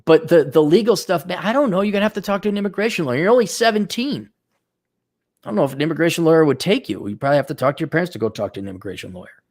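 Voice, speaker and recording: A middle-aged man hosting a show, giving blunt, profane, lively advice in an unscripted monologue. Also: on the high side, very fast.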